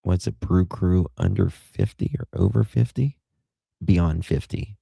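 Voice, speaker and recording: Man, Southern accent, livestream host, deep gravelly voice, slow drawling chat. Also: mellow, dry recording. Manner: chatty, drawling, greets viewers by name. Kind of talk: casual chat reading viewer comments.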